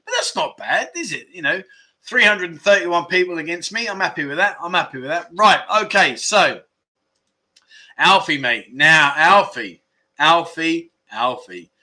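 A man's voice: sits high, expressive, moderate pace, bright, forceful tone. A man hosting a casual livestream, chatting and joking as he reads out viewer comments, often laughing at his own jokes. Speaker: livestream host.

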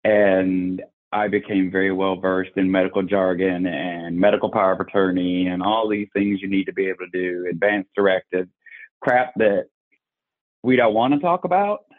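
A man's voice: deep voice, normal speed. A man in his forties with a Southern US accent, a podcast guest telling his story openly and frankly. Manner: open, frank, plainspoken. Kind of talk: candid personal storytelling. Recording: tinny phone-like line.

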